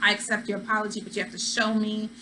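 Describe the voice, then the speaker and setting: This woman talks fast in a level, mid-range voice against a noisy background. She hosts a reality TV recap, offering chatty, opinionated casual commentary and acting out people's quotes.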